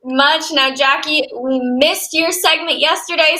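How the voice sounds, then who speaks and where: A woman's voice: high voice, measured pace, bright, forceful tone. A woman hosting a live sports show, passing segments along playfully. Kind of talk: hosting handoffs.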